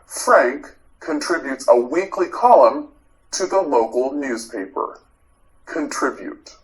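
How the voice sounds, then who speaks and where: A man's voice: medium pitch, animated, slow pace, low-quality recording. A man teaching English vocabulary, saying each word several times and asking the learner to repeat it. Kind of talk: slow drilled pronunciation lesson.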